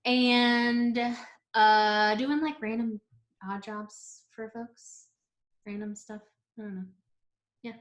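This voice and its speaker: A woman in her thirties talks in an unhurried, easygoing way, giggling and trailing off between her thoughts. Her voice sits at an ordinary middle pitch. It is recorded in a roomy space with a noticeable echo. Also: little pitch movement. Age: 30s. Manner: chatty and giggly, trailing off with filler words. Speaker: vlog host being interviewed. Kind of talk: casual chat.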